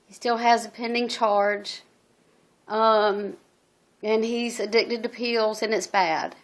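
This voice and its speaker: Middle-aged woman, flat steady voice, lots of ums, earnest personal video on her phone. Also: a little high. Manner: halting, many ums and restarts; earnest and emotional. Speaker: single mother telling her story.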